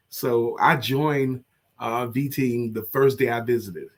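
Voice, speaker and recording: A man co-hosting a motivational show, talking slowly and softly while he recovers from an illness. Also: medium pitch, steady tone. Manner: slow, tired, soft-spoken. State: sick, low energy, recovering from covid. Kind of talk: casual chat.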